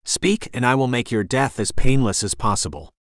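A man's voice: mid-range voice, animated, normal speed, fairly bright tone, no room sound, clean studio sound, natural voice. A man voicing a fierce, defiant young half-demon man, speaking in a growling, hard-edged way.

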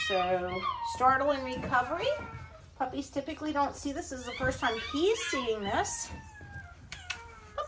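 A woman breeder talking to a puppy in cooing, sing-song baby talk while commenting to the camera. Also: high-pitched. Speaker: dog breeder evaluating a puppy. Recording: noisy background.

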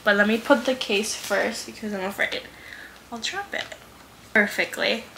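A woman's voice: mid-range voice, moderate pace, vocal fry, bright, forceful tone, a little hiss or hum. A young woman vlogger chatting through an unboxing, gushing and giggling as she talks. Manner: gushing, giggly, says "oh my god" often. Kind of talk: casual unboxing vlog.

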